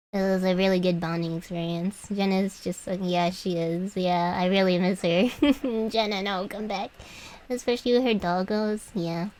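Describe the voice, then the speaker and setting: A woman's voice: on the low side, darkish tone, slight background noise, rough recording. Giggly young woman streamer. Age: young adult. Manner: rambling and giggly, with frequent laughs and restarts. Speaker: VTuber artist streamer. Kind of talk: casual chat while drawing. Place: home room.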